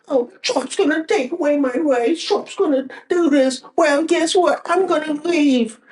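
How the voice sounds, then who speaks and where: A male podcast host delivering a profane, repetitive political rant in an emphatic tone. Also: high voice.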